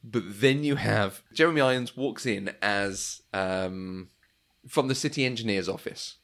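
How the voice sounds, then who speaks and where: A man with a slightly low voice chats casually about films. He is enthusiastic, laughs often and sometimes slips into quoted lines. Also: unhurried, fairly bright tone. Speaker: podcast co-host. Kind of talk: casual film discussion.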